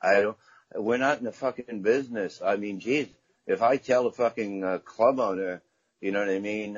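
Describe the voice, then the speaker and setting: Husky man telling profane stories. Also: fairly low pitch, normal speed, no echo. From Staten Island, New York. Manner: profane, rambling anecdotes. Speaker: guest comedian. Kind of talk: casual podcast storytelling. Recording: dull lo-fi sound.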